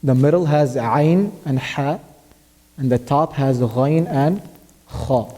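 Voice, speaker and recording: A man's voice: mid-range voice, takes it slowly, warm tone, long reverb tail. Man teaching Quran recitation. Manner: patient, explains step by step and quizzes the student; recites Arabic verses as examples. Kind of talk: tajweed lesson. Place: mosque classroom.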